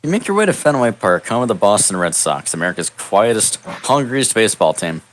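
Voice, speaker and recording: A man narrating an improvised comedic text adventure in a deadpan, mock-epic storybook manner over a voice call. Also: on the low side, fairly quick, slight background noise. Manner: deadpan, absurd storybook delivery. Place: online voice call.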